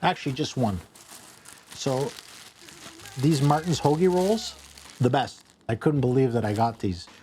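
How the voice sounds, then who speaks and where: A man hosting a casual cooking vlog from a home kitchen, rambling and joking at his own expense, with sudden excited bursts. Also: mid-range voice, a little slow, long pauses, a little hiss or hum. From Canada.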